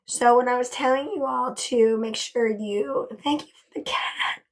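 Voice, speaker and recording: A woman's voice: sits high, unhurried. A woman hosting a casual livestream from her bedroom, gushing and chatty, thanking viewers over and over and swearing casually. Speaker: livestream host.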